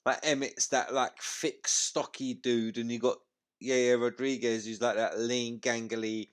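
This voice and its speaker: A man's voice: mid-range voice, little pitch movement, a little slow, clean tone. A man hosting a live fight watchalong, chatting casually, swearing freely and using lots of slang. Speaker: livestream watchalong host.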